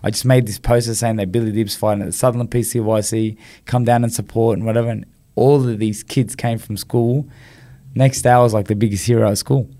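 A man with an Australian accent tells stories on a podcast with lively, animated energy. His voice sits a little low and keeps breaking into quick restarts and "you know" asides. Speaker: podcast guest. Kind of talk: casual storytelling interview.

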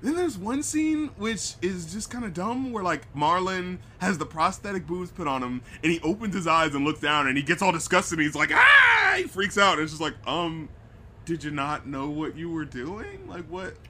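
A man co-hosting a casual movie review podcast, swearing freely and mocking scenes by acting them out. His voice is bright and fairly high for a man. He talks in a loose, sarcastic way. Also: lively intonation, moderate pace. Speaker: podcast co-host.

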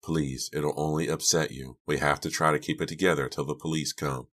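Guy reading as a steady thoughtful teen boy, soft and reasoning, audiobook, super deep. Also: fairly quick. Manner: thoughtful, soothing. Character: calm, reasoning teenage boy.

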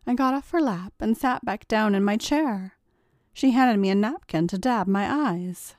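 A woman narrating a first-person story in a quiet, confiding way. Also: mid-range voice, measured pace, no room sound, clean studio sound.

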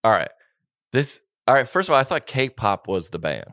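A man's voice: mid-range voice, very animated, moderate pace, a bit bright, no room sound, studio quality. A man co-hosting a podcast in casual chat, rambling and joking while he corrects himself. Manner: rambling, jokey, self-correcting. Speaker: podcast co-host.

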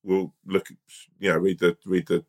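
A man's voice: low-pitched, flat delivery, normal speed, darkish tone. A man co-hosting a comedy podcast, rambling and swearing as he spins a story. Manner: rambling, swears, laughs often. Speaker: podcast co-host. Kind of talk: casual comedy chat.

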